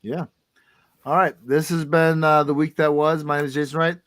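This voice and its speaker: A man's voice: fairly high pitch, little pitch movement, moderate pace, a crowd in the background. A man hosting a podcast, signing off in a loose, rambling way with lots of restarts. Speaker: podcast host. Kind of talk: casual chat.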